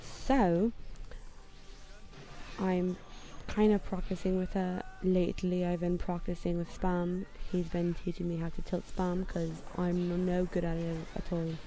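A young woman chats over a match in a deliberately put-on London accent, rambling and poking fun at herself. Her voice sits low for a woman and has a mellow, soft tone. She is recording casual gameplay commentary from her bedroom. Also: completely flat delivery. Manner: rambling, self-deprecating. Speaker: gamer.

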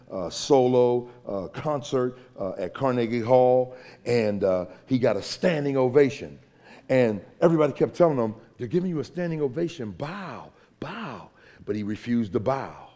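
A male pastor preaching a sermon, swinging from loud emphatic lines to hushed whispers, with joking asides. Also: medium pitch. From United States.

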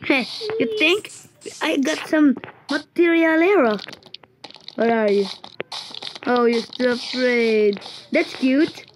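A woman giving playful live commentary while gaming, chatty and joking, who bursts into panicked shouting. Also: high voice, lively intonation, takes it slowly, background noise. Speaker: gamer.

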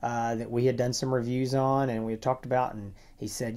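A man co-hosting a review podcast in casual conversation, often dropping to quiet asides. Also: mid-range voice, little pitch movement, quick pace, hardly any pauses. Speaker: podcast co-host.

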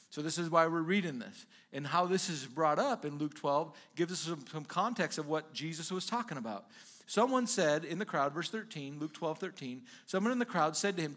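Male pastor, high voice, conversational sermon, animated retellings, "okay?" asides.

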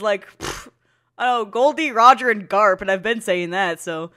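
Laughing to tears during her anime reaction stream, this young woman mocks herself, giggles, and curses plenty in offhand commentary. She speaks a little slowly, with a slightly high, animated, sharp voice.

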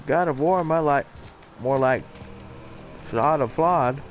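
A man's voice: fairly high pitch, slow, slight background noise. A young man casually commenting on his own play, rambling and mocking himself. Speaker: gaming channel host.

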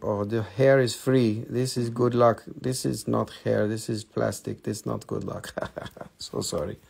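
Slow, gravelly man with Russian accent. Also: lowish voice, fairly even intonation, darkish tone. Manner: playful, broken English. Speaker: online crystal seller. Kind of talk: live-stream sales show.

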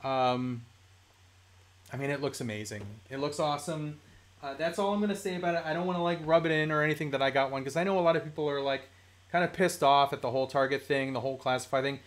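A man's voice: fairly high pitch, quick pace. A man hosting a casual livestream, ranting with frustration and reading viewer comments aloud. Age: adult, works a day job. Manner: animated, ranting, reads chat comments aloud. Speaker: toy collecting livestream host.

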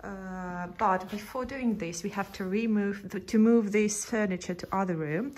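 A woman's voice: medium pitch, moderate pace, darkish tone. A woman vlogging as she renovates an old house, talking casually, nervous and breathless, gasping and laughing between lines. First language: Russian. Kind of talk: casual vlog chat. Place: inside an old empty house.

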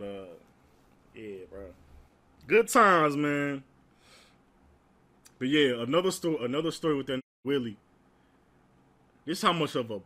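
Animated man telling stories. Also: mid-range voice. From Alabama, United States. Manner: laughing, profane, animated. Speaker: storyteller. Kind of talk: casual storytime.

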